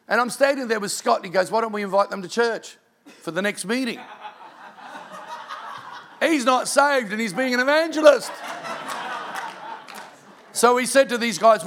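A man's voice: high voice, gravelly, fairly bright tone. A male pastor preaching a sermon and telling an emotional story in an earnest way.

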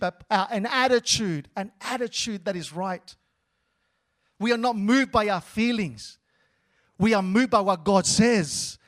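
A male pastor preaching a sermon, repeating words and calling for responses from the church. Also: sits high.

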